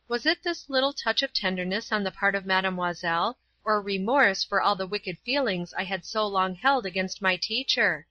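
A woman narrating a storybook in a calm, measured reading. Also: medium pitch, dry recording. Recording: slightly dull, dry recording.

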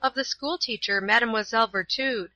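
A woman's voice: on the high side, fairly quick, bright, forceful tone, no room sound, dull audio, pitched above the performer's own voice. A woman voicing a stubborn, resentful young schoolgirl in a storybook reading, complaining indignantly.

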